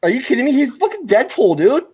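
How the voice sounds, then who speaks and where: A man's voice: extremely high pitch, sing-song, quick pace, warm tone, husky. A man teasing his friends dryly in casual chat on a live stream.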